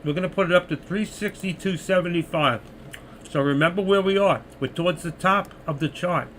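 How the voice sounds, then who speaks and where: A man's voice: high voice, fairly quick, fairly bright tone, slight background noise. An older man with a New York accent, chatting through stock trades on a live stream and reading viewers' messages, losing his voice. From New York City. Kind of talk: live market commentary.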